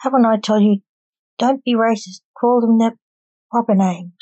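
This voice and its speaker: A woman's voice: a little high, normal speed, warm tone, no room sound, close to an everyday voice. A woman reading the lines of a stern male agent and father in a story, close to her own voice.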